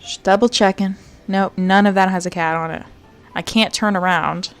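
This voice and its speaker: A woman's voice: mid-range voice, steady tone, moderate pace, soft background music. Playful woman streamer narrating her gameplay. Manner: chatty, playful, talks to herself while searching; slips into mock-British phrasing for fun. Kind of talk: casual live-stream game commentary.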